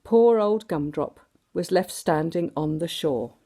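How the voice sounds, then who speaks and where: Animated woman reading a storybook aloud. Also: lowish voice, measured pace, breathy edge. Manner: animated, does sound effects and asks the listeners questions.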